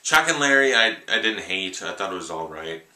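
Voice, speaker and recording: Young guy rambling through a movie review, low voice, bright tone, echoey room. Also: big pitch swings, moderate pace. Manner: rambling, offhand, many "like"s. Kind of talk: casual spoken film review.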